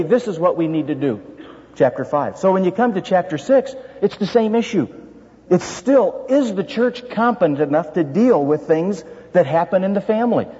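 A man with a slightly high, husky voice preaches an expository sermon, pressing his point with rhetorical questions and the odd restart. The sound is dull and lo-fi, with a long reverb trailing behind him as in a large sanctuary. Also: warm tone. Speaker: pastor.

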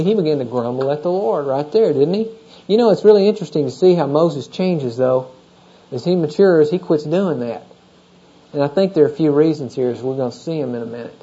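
Mellow-voiced man preaching a conversational sermon. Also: on the high side, fairly quick. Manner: conversational, asks the congregation questions. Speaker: pastor. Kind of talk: expository sermon. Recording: dull lo-fi sermon recording.

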